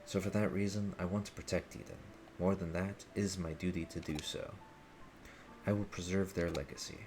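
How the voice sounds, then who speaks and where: A man's voice: deep voice, fairly even intonation, fairly quick. A man reading the lines of an earnest, idealistic young male hacker leader in a formal, solemn way. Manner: formal, solemn speeches read aloud. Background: game music.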